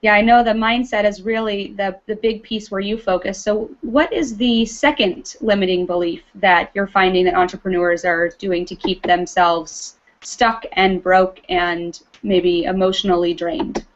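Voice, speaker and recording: A woman's voice: medium pitch, fairly even intonation, measured pace, few pauses. A woman hosting an interview show, asking questions and giving short affirmations. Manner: brief affirming backchannels. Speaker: show host. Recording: dull lo-fi sound.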